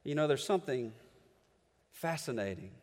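A middle-aged man preaching a sermon, reading scripture dramatically and swinging between booming passages and hushed ones. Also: lively intonation, normal speed. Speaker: pastor. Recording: long hall reverb.

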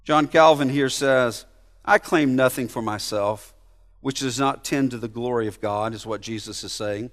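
A man preaching an expository sermon, rising to loud emphatic peaks and dropping to hushed low asides, often repeating words as he restarts a phrase. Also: moderate pace, big-room sound. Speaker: pastor.

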